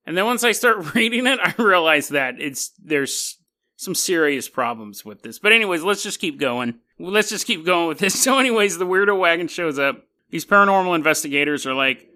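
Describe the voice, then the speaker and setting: A man's voice: high voice, lively intonation, brisk, sharp tone. A man hosting a podcast, telling a story in a casual monologue with wry, skeptical asides and frequent laughter. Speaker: podcast host.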